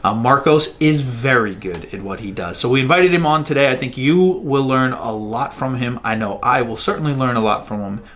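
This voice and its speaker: A man's voice: mid-range voice, normal speed, hardly any pauses, a bit bright. Plain-spoken male podcast host. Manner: friendly, joking, plain-spoken. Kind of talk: casual podcast interview.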